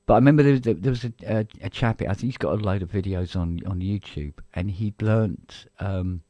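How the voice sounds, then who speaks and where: A middle-aged man with a very low, deep voice talks loosely on a live stream, circling back on himself with false starts and coughs. The sound is dry and close, with no room around it. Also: fairly quick, warm tone, dry recording. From England. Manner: rambling, full of restarts and coughs. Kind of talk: casual chat.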